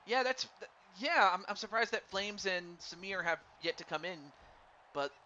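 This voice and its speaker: A man doing live play-by-play commentary on a wrestling game for a stream, excitable and stumbling over his words while chatting with viewers. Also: high voice, moderate pace. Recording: dull lo-fi stream mic with faint noise.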